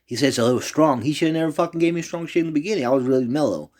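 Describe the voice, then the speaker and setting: A man's voice: on the high side, racing, darkish tone. Rambling, profane man talking to camera.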